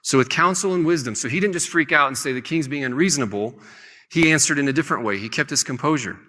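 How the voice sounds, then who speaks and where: Bright-voiced man teaching a casual Bible lesson. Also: fairly high pitch, fast talker. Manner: relaxed, conversational, paraphrases scripture loosely with light humor. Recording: long hall reverb.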